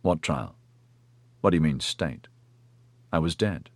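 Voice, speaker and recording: A man voicing a weary revived male convict who speaks in a low, terse growl. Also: a little slow, creaky, no echo, exaggerated voice. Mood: grim.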